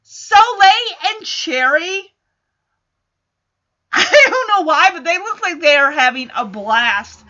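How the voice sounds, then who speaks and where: Chatty, wry high-voiced woman. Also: expressive, takes it slowly, pushed and bright, dull audio. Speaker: TV show recap host. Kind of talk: casual recap chat.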